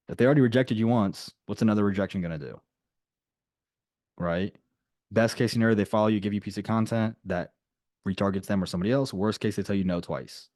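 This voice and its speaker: A man's voice: lowish voice, fast, a little mellow, no echo, studio quality. A man leading a group coaching call, talking casually and emphatically and repeating his key points. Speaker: sales coach.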